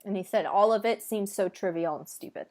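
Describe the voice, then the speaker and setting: A woman's voice: mid-range voice, a little fast, darkish tone. A woman on a video call who passes on a guest's words in casual chat and often laughs. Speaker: host relaying a channeled guest's words.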